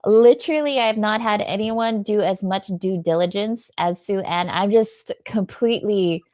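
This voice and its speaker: A woman's voice: mid-range voice, a little slow, darkish tone, no room sound, studio quality. A woman guest author in a casual interview, bubbly and gushing, laughing often.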